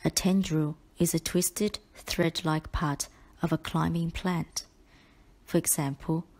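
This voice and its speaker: Slow, low-voiced woman teaching spelling. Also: a little mellow. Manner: measured, deliberate, carefully enunciated. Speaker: spelling tutor. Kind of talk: slow spelling-list dictation.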